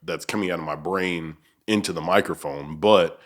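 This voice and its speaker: Low-voiced male host, loose and rambling; casual chat in a small room. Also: normal speed. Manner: rambling, filler-heavy, searching for words. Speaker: podcast host. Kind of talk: casual conversation. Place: small untreated room with echoing walls.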